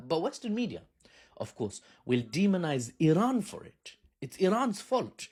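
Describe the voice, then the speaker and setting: A man's voice: on the high side, very animated, moderate pace, darkish tone, husky. A man giving casual political commentary in a sarcastic, mocking way, with chatty slang.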